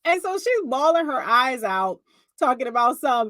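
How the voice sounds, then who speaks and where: A young woman spills reality-show tea in a sassy, animated voice pitched a touch high. She talks close to the mic in a dry, dead room. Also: normal speed, no room sound. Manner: sassy, animated storytelling with frequent laughs. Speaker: reality TV commentator. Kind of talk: casual reality-show commentary.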